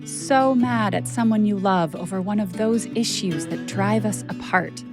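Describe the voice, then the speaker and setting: A woman's voice: mid-range voice, unhurried, over music. A woman journalist hosting a podcast, narrating her own story in a candid, conversational way with casual fillers.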